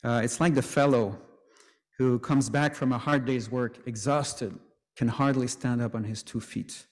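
A man's voice: mid-range voice, fairly even intonation, a little slow, darkish tone, in a large hall. A man preaching a sermon in a conversational way, with joking asides.

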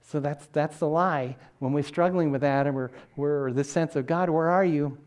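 A middle-aged man with a slightly high, steady, somewhat mellow voice preaches as a pastor at a normal pace. His sermon is earnest and conversational, with many restarted sentences.

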